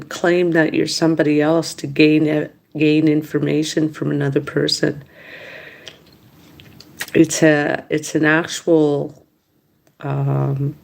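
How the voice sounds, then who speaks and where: A woman talks slowly and unhurriedly in a lowish voice, rambling through a casual late-night monologue at home. She complains as she goes and grows lively whenever she quotes other people. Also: creaky. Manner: rambling, complaining, animated when quoting others. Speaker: mukbang vlogger. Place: indoors at home.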